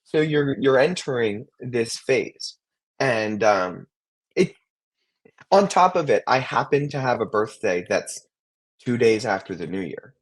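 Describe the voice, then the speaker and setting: Husky young man chatting casually. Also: mid-range voice, animated, a little slow. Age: 20s. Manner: rambling, many restarts and fillers. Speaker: co-host. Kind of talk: casual chat.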